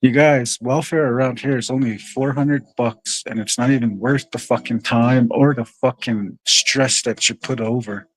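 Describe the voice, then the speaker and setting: A man's voice: medium pitch, steady tone, normal speed, few pauses. A man telling a long story to his viewers in a rambling, profane way, often calling out to them as "you guys.". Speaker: livestream host.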